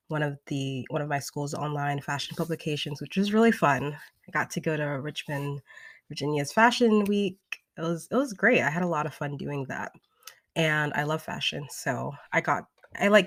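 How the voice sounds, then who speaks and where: A woman's voice: low voice, a bit bright, no echo. A young woman in her twenties chats casually as a podcast host and vocal coach. She sounds upbeat and talkative and fills her sentences with casual filler words. The sound is close and dry, with no room around her. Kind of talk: casual talk from a replayed live stream.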